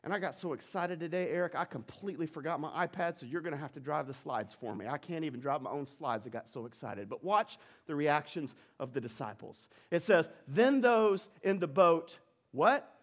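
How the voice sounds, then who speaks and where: A man pastor preaching a sermon, telling Bible stories with animated energy and building intensity. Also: a little fast, few pauses. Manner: animated storytelling, rising in pitch and volume during dramatic retellings.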